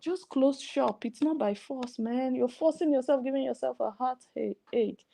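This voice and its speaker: A woman's voice: high voice, moderate pace, creaky, dark tone. A woman with a Nigerian English accent, giving sarcastic, scolding commentary. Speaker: online commentator. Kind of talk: ranting commentary.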